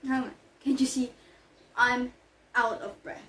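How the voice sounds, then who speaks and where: A woman's voice: on the high side, flat delivery, a little slow, fairly bright tone, a little hiss or hum. A woman playing a flustered, stammering nanny. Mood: fussy. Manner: flustered, stammering, self-correcting. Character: fussy, flustered nanny, middle-aged woman. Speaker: Juliet's nurse in a class play. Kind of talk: amateur school play acting. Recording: echoey room, far from the mic.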